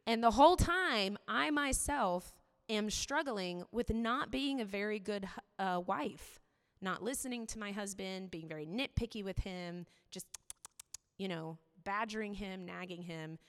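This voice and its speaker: A woman's voice: medium pitch, a little slow, clear, resonant tone. Woman preaching in a reverberant hall. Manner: conversational, candid, many "like" fillers. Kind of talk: sermon.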